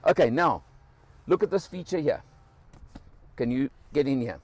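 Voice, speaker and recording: Lively South African man reviewing a car. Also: mid-range voice, normal speed, no echo. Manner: enthusiastic, pointing out features. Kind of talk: casual walkaround car review.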